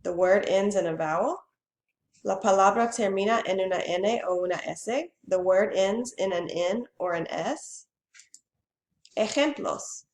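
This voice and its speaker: A woman Spanish teacher giving a bilingual lesson. She says each Spanish phrase first and then the English, slowly and clearly. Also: medium pitch, echoey room.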